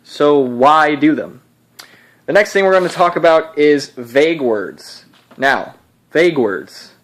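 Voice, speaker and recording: A man's voice: on the high side, expressive, slow. A young man, a college student, giving casual, earnest and somewhat rambling advice on writing. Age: young adult. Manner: earnest, rambling explainer with restarts. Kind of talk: casual instructional video.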